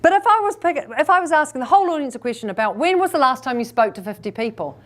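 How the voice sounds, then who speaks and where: A woman with a somewhat high voice delivers a keynote on public speaking to a live audience in a room. She talks in a lively way and slips into quick asides that play out what listeners are thinking. She slows down and pauses on purpose to make her points land. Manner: uses deliberate pauses and shifts in pace for effect.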